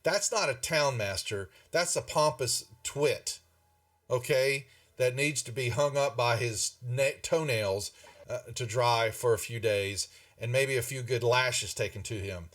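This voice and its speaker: A man's voice: mid-range voice, measured pace, a bit bright, distant mic, close to an everyday voice. Man doing a blustering, cursing knight. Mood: angry.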